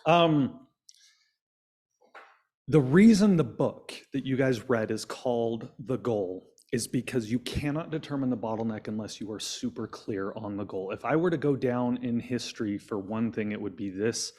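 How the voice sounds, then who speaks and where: A man leading a coaching session on a video call, lively and quizzing his audience. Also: mid-range voice, normal speed. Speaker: business coach.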